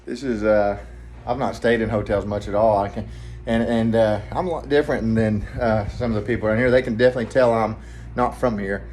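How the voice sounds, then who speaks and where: A man with a Southern US accent, talking quietly and rambling in a casual vlog from a hotel room. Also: on the low side, fairly even intonation, a little fast, slight background noise. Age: adult, family man with kids. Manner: rambling, hushed so neighbors won't hear. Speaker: vlogger, trucking trainee.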